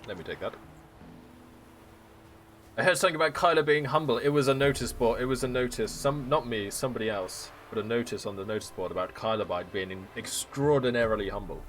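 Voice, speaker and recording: A man's voice: medium pitch, brisk, a bit bright, slight background noise. A man streaming a video game, joking and teasing through playful commentary. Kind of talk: gameplay commentary.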